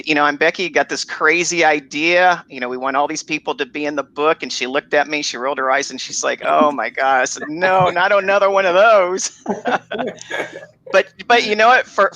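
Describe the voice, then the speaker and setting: A man with a slightly high, very bright voice, guesting as a co-author. He tells his story in an animated, casual way and keeps restarting his sentences. The tone is keen and lively. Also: poor audio. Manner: animated storytelling, self-interrupting. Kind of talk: casual chat.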